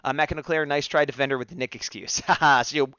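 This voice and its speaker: A man's voice: medium pitch, steady tone, fast talker, sharp tone, clean tone, dry recording, highs cut off. A man co-hosting a casual live-stream discussion, chatting, reading viewer comments aloud and laughing often. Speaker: co-host of a fan discussion stream.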